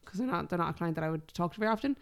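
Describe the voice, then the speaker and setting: A woman's voice: lowish voice, expressive, very fast. An Irish woman co-hosting a podcast, chatting in a jokey, swearing way. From Ireland. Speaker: podcast co-host. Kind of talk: casual chat.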